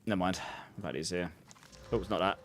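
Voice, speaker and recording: A man's voice: sits low, fairly even intonation, brisk, a little hiss or hum. A man giving casual, chatty gameplay commentary as a streamer, laughing often and humming little filler tunes. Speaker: game streamer.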